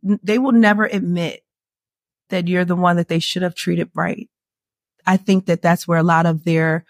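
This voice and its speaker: Animated woman telling her story, candid and lively. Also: no echo, clean studio sound. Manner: animated, acts out quoted dialogue in a higher voice. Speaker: podcast guest.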